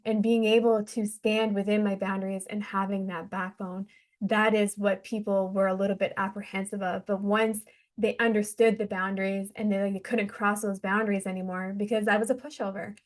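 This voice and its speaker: Woman, earnest, heartfelt, podcast guest, life coach, mid-pitched voice. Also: flat delivery, moderate pace. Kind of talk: casual interview talk.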